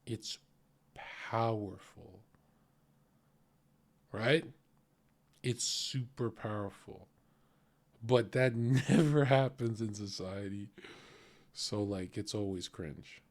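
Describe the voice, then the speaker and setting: A man's voice: lowish voice, slow pace, pauses often. A man streaming and reacting to a clip in casual, crude, opinionated commentary, lecturing his chat and often laughing.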